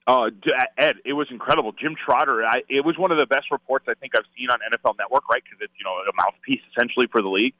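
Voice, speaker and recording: A man's voice: medium pitch, fast, few pauses, dry recording. An opinionated man calling in as a guest on sports radio, arguing his points emphatically. His voice sounds dry and slightly muffled, as if coming over a remote line. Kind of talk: sports talk radio interview.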